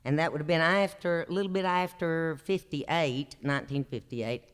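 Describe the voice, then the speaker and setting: Appalachian storyteller in his sixties, slightly high, smooth voice, drawling homespun delivery on stage. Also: moderate pace. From Appalachian North Carolina. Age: 60s. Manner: drawling, homespun, chuckles through his stories. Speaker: traditional singer and storyteller. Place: opera house stage, live show.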